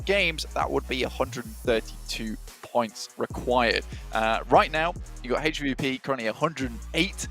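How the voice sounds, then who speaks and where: A man's voice: mid-range voice, moderate pace, few pauses, soft background music. Male esports caster reading the standings. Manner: energetic, stats-heavy. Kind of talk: live game commentary.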